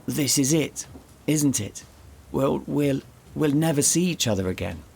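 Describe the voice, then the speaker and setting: A hunted Victorian Englishman, played by a male narrator, nervous and on edge. He talks in a strained, higher voice full of panicky urgency, with faint noise in the background. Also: lively intonation, a little slow, gravelly, darkish tone. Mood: anxious.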